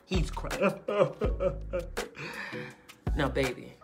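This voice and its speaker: A woman telling a personal story in a casual, animated way, calling the listener baby and honey. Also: lowish voice, fairly quick, music in the background.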